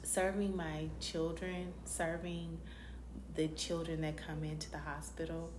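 A woman with children, telling faith stories in casual chat, acting out quotes with lively swings. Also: low-pitched, a little slow. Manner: animated storyteller, acts out quotes. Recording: roomy echo, faint background noise.

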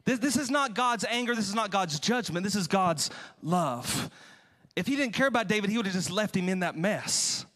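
A man's voice: high-pitched, expressive, moderate pace, fairly bright tone. A male pastor preaching a sermon, retelling a Bible story dramatically and acting out the quotes.

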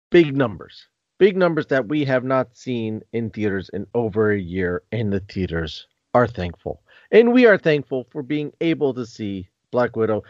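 A man's voice: mid-range voice, darkish tone, no room sound, lo-fi sound. A man hosting a podcast, talking casually and rambling with restarts. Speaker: podcast host.

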